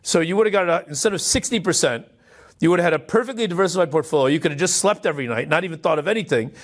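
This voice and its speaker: A man with a fairly high voice tells a story as a guest on an interview show. He speaks in an animated, emphatic manner, leaning on the anecdote to make his point. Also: rapid-fire. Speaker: co-founder and investment officer, guest.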